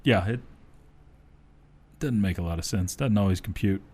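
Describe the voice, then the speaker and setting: A man's voice: sits low, moderate pace, a little mellow, husky. A man hosting a sports talk radio show in a studio, speaking casually and often chuckling as he talks. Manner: easygoing, chuckles often while talking.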